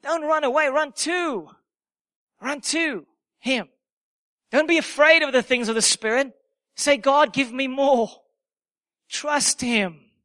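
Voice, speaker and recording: A man's voice: extremely high pitch, slow pace, pauses often, pushed and bright. A man preaching a sermon, emphatic and repeating key phrases for effect.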